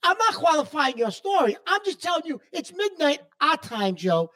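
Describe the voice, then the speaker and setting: A man's voice: very high-pitched, very animated, normal speed, sharp tone. A man co-hosting a sports talk show, talking casually and emphatically.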